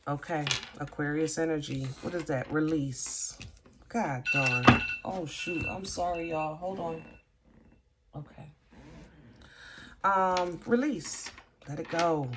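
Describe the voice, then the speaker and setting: A woman giving a casual tarot reading, halting and gently reassuring, often restarting her sentences. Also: low voice, heavy background noise. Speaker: tarot reader.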